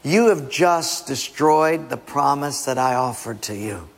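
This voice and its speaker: A preacher voicing God as a calm, stern male figure delivering a rebuke. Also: mid-range voice, gravelly. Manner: measured, grave, quieter. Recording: long hall reverb.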